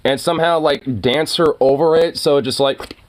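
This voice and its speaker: A man's voice: fairly high pitch, moderate pace. A man giving casual reaction commentary, rambling and profane, with many fillers. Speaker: streamer reacting to a video.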